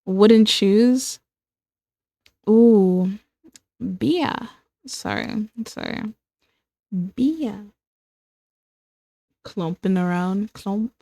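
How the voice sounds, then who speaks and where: A woman's voice: mid-range voice, animated, extremely slow, gravelly, pauses often, warm tone, no echo, studio quality. A young American woman chatting casually with her stream while drawing, rambling and repeating herself with self-mocking asides. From United States.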